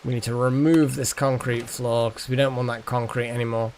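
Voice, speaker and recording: A man's voice: mid-range voice, level tone, brisk, darkish tone, slight background noise. A man streaming a colony-building game live, thinking aloud with muttered asides and wry jokes. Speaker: gaming streamer. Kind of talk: live gameplay commentary.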